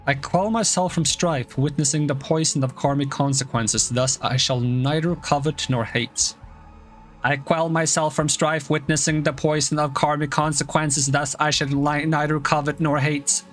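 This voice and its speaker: A man voicing a calm male combat robot that speaks in clipped system terms. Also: fairly high pitch, normal speed, soft background music, natural voice. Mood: cold.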